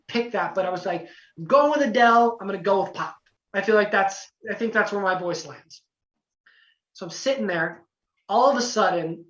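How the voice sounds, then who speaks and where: Young guy on a podcast telling a story, imitates everyone, says you know a lot, sounds far off in an echoey room, kinda muffled. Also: sits high. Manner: animated, acts out quotes, frequent "you know" fillers. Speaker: podcast guest, former singing contestant. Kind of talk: casual storytelling. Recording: roomy, distant, dull lo-fi sound.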